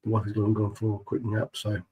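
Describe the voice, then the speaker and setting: A man's voice: on the low side, monotone, quick pace, mellow, muffled recording, a little hiss or hum. A man chatting casually on a live stream, greeting viewers and reading their messages in a laid-back, chummy way, keeping his voice down.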